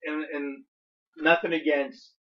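A man co-hosting a casual movie chat, speaking in an emphatic, excitable way. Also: fairly high pitch, slow, distant mic, muffled recording. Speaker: podcast co-host.

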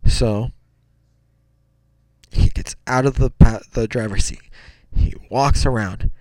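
A man's voice: medium pitch, takes it slowly, no echo. A man casually telling a childhood story, rambling and correcting himself as he goes. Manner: rambling, self-correcting, animated.

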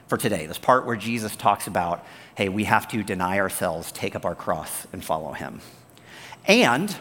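A man preaching a sermon as pastor, talking in an animated, conversational way and telling stories. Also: lowish voice, big-room sound. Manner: animated, conversational, storytelling, acts out the characters.

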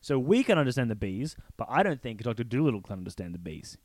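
A man's voice: mid-range voice, very animated, fast talker, darkish tone, no echo. A man co-hosting a podcast in casual chat, rambling through movie scenes and swearing as he goes. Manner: rambling, recounts scenes with voiced quotes, swears. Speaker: podcast co-host.

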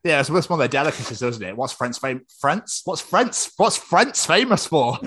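A man's voice: on the high side, lively intonation, normal speed, hardly any pauses, sharp tone. A man co-hosting a podcast in casual chat, joking, self-mocking and swearing freely. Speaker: podcast co-host.

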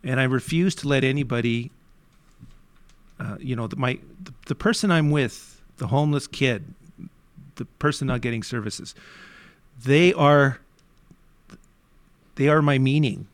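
In a frank interview, this man, a youth worker from Canada, recounts his story with animation, shifting from quiet passages to forceful ones and frequently starting over. He has a mid-range voice and a measured pace with long pauses, recorded with no room sound.

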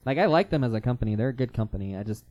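A man co-hosting a casual chat, chatty and quick to jump in. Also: medium pitch, expressive, darkish tone, no room sound.

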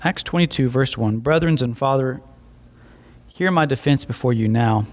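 A young adult man preaching a sermon, telling stories with lively voiced asides. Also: medium pitch, normal speed. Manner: animated storytelling with voiced asides. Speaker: pastor.

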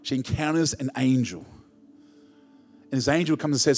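A man's voice: medium pitch, a little fast, long pauses, long reverb tail. A man preaching a conversational sermon as pastor, rising to emphatic peaks.

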